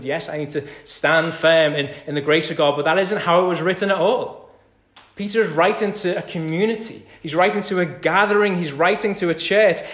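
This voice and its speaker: Man preaching in an echoey church. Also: a little high. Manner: conversational preaching, repeats key phrases, swings from hushed to loud. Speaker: pastor. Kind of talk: sermon. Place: church hall.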